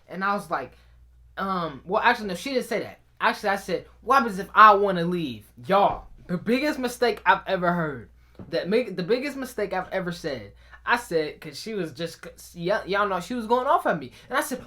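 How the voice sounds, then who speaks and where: A young man telling a story in a casual, animated storytime style, talking straight to viewers. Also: sits high, moderate pace. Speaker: vlogger.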